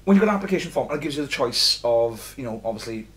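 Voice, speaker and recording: A man's voice: mid-range voice, animated, quick pace. A Welsh man co-hosting a let's play, ranting and swearing in casual gaming chat. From Wales.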